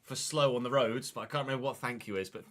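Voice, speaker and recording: Bright-voiced young man streaming a game. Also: mid-range voice, quick pace. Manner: chatty, thanks viewers by name between plays. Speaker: gaming streamer. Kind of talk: live-stream game commentary.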